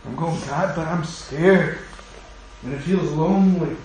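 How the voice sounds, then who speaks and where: A man preaching a sermon as pastor and leading a prayer, earnest and pleading, often dropping to a quiet hush. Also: on the high side, unhurried, slight background noise. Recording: very echoey room with faint ambience.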